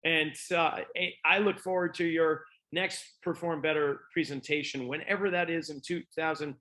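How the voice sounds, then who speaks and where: Easygoing bright-voiced male host. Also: on the high side, fairly even intonation, moderate pace. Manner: easygoing, playful, trails off mid-sentence. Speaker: podcast host. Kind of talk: casual interview chat.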